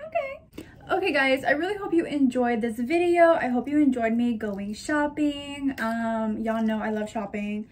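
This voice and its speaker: A woman's voice: fairly high pitch, normal speed, few pauses, a little mellow. A woman in her twenties chatting casually as a shopping vlogger, gushing and telling stories. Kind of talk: casual chat to camera.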